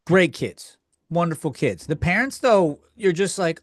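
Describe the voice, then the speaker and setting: Man host for a comic rant, slightly high voice, crude and rambling, dry booth sound. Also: animated, measured pace, no echo. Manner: crude, profane, rambling with many restarts. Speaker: podcast host. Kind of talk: comedic rant.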